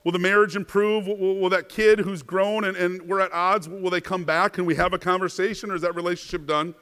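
High-voiced male pastor preaching a sermon. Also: steady tone, brisk. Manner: rhetorical questions, frequent "right?", stammered repeats; swings between soft, hushed passages and louder bursts.

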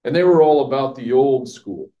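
A man's voice: medium pitch, animated, moderate pace, warm tone, highs cut off. A man teaching a Bible passage verse by verse, chatty, asking his listeners questions and laughing at his own jokes. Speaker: pastor teaching a Bible study.

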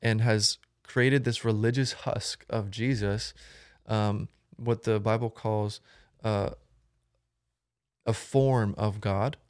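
A man's voice: on the low side, steady tone, takes it slowly, no echo, studio quality. A young man, a guest on a podcast, talking casually and rambling with many ums and restarts. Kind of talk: casual conversation.

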